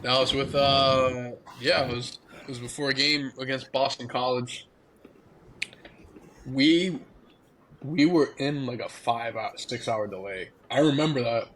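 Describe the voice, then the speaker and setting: A young man spins a story in relaxed podcast chat, breaking into laughter as he goes. His voice sits at an ordinary middle pitch. A faint noise hangs under the recording. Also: a little slow, rough recording. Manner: laughing, animated anecdote telling. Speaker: podcast guest. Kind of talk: casual storytelling.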